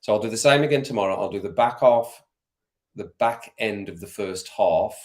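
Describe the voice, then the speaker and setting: Brief: low-voiced male streamer, casual chatty host, roomy sound. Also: moderate pace. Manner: chatty, addresses chat viewers by name, laughs often. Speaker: streamer hosting a football watch-along. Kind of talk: casual live-stream chat with viewers. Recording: roomy echo.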